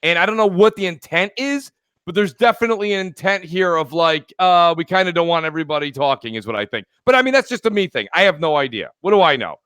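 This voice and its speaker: A man hosting a live gaming podcast with a high, light voice and a dry, close sound. He talks in an upbeat, jokey way and rambles through his guest introductions. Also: animated, quick pace, a bit bright, clean tone, no echo. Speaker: podcast host. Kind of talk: casual live podcast chat.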